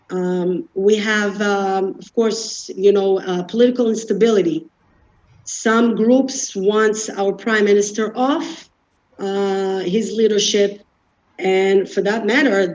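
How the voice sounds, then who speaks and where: Speaking in a mid-range, darkish voice, a woman earnestly explains defense mechanisms, using everyday examples and judging no one. The recording quality is dull and lo-fi.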